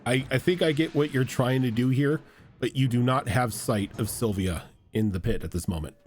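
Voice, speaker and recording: A man's voice: medium pitch, moderate pace, soft background music. A man narrating and ruling as game master of a tabletop game, describing scenes and explaining rules.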